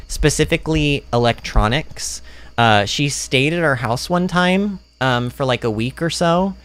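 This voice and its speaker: A man's voice: mid-range voice, a bit bright. A man giving rambling, self-deprecating commentary during a gameplay livestream, speaking into a streaming microphone.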